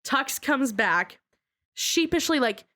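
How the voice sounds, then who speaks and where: A young woman tells a story as a podcast guest, her voice sitting a bit high. She talks in an animated, casual way and swears freely. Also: slow. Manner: animated, swears freely, acts out other people's lines.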